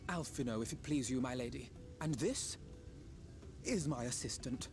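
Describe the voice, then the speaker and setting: A man's voice: medium pitch, normal speed, a little mellow, faint music behind, natural voice. An actor voicing an earnest young male scholar in a video game, who speaks with courteous, formal diction. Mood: polite.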